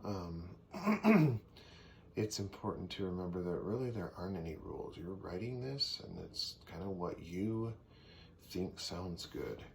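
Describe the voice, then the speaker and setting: A low-voiced man explains songwriting in a slow, relaxed way, thinking aloud as he goes. He clears his throat now and then. A faint hiss sits under the recording. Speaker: songwriting teacher. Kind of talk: casual teaching with sung demonstrations. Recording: faint background noise.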